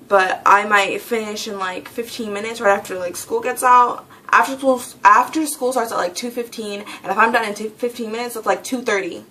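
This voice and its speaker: Teen girl vlogger, bright tense tone, rambling, fed-up, laughs a lot. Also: mid-range voice. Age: teens. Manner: rambling, exasperated, laughs often. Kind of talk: casual vlog rant.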